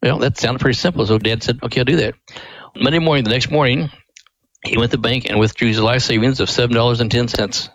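An older man speaks earnestly in a dry, close studio sound, recounting a story as an interview guest. His voice sits at an ordinary pitch. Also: fast talker, dry recording, low-quality recording. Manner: earnest, animated when acting out quotes. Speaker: ministry president, guest.

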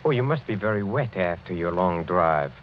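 A middle-aged actor playing a sinister aristocratic count who speaks in a smooth, insinuating way and chuckles often, in an old radio drama. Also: male voice, deep voice, lively intonation, moderate pace, slight background noise. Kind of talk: 1940s radio acting. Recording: dull lo-fi old radio broadcast.

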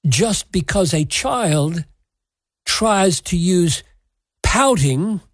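A man preaching a sermon, slowly and earnestly explaining scripture verses. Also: high voice, expressive, no echo. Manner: slow, earnest, emphatic scripture exposition. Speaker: pastor.

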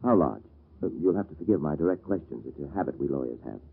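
A man playing a suave, quick-talking lawyer. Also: extremely low pitch, expressive, gravelly, husky, full character voice. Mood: wry. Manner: dry, teasing, self-assured. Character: suave, wry male lawyer, a major. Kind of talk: old-time radio drama acting. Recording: lo-fi vintage radio recording.

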